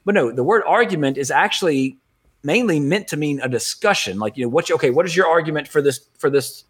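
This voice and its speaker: A man's voice: a little high, expressive, quick pace, husky. A man hosting a podcast in casual chat, rambling and correcting himself, laughing often. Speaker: podcast host.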